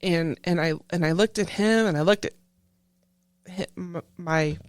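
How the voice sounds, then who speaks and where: A woman who is a military veteran, telling a painful personal story in an interview in halting speech full of restarts. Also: fairly low pitch, no echo. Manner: halting, with many restarts, recounting a painful memory. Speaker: veteran guest.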